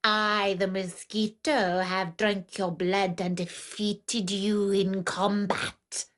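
An arrogant male mosquito, played by a woman reading a storybook, gloats in slow, drawn-out words. He sounds mock-grand and smug. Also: medium pitch, level tone, natural voice. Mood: gloating.

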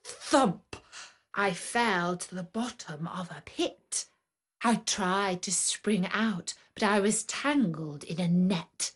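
A stately, proud lioness queen tells her storybook tale, as a woman reads her. She speaks slowly and grandly, with haughty assurance. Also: mid-range voice, breathy edge. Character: proud female lion queen of the plains. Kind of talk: storybook narration in character.

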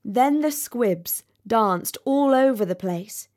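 A woman narrating a storybook fairy tale in a measured, expressive way. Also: a little high. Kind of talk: storybook reading.

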